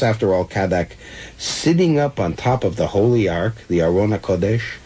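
Husky man reading a comic story. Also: lowish voice, poor audio. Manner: animated, comic timing.

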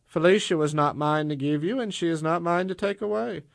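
A man reading a story voices a tall, mocking woman of power who teases and taunts in quick patter. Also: on the high side, creaky, no echo, clean studio sound, voice pushed up. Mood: taunting.

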